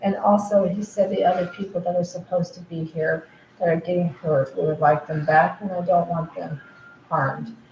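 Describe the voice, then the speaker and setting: A woman's voice: fairly low pitch, steady tone, normal speed, a little mellow. A woman in an agitated, rambling monologue, repeatedly relaying what others told her. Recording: roomy echo, faint background noise.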